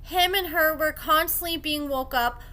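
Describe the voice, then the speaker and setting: Bright, high-voiced woman telling a story. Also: normal speed. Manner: animated retelling with quoted voices. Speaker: commentary host. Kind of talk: casual storytelling commentary. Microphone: desk microphone.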